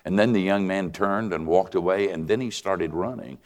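An older man preaching a sermon and telling a story in an animated, conversational way. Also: sits low, normal speed. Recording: reverberant hall.

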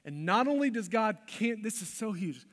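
In a church sanctuary, a high-voiced pastor preaches a sermon at a moderate pace with a sing-song lilt, swinging between hushed, intimate lines and passionate, emphatic peaks. A long hall reverb carries his words to the congregation.

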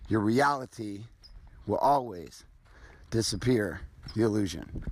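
A man's voice: lowish voice, expressive, measured pace, a little mellow, husky. A middle-aged man hosting a motivational podcast, talking bluntly and casually with profanity as he tells a story. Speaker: podcast host.

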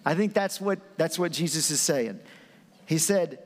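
A man's voice: a little high, measured pace, in a large hall. A man preaching a sermon in a conversational, storytelling way, acting out scenes with his voice. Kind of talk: animated sermon.

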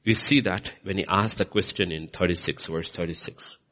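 A man preaching a sermon in a church, acting out scripture quotes with big swings in emphasis. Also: moderate pace. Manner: animated, swinging pitch and loudness for emphasis.

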